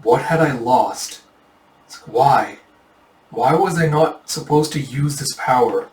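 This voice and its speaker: A man voicing a brooding young male dragon warrior, speaking in a quiet, awed, ominous way. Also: mid-range voice, unhurried, lightly acted. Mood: quietly ominous. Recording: roomy, distant mic.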